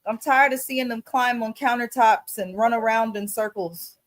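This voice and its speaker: A woman's voice: on the high side, moderate pace. A woman from Oakland, California, co-hosting a casual recap chat. She speaks bluntly and emphatically, with plenty of profanity. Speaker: co-host.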